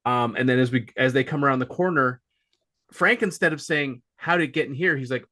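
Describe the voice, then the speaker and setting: A man's voice: medium pitch, a little fast, sharp tone. A man as guest co-host on a movie podcast, casually explaining how scenes changed. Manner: explanatory, comparing lines. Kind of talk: casual chat.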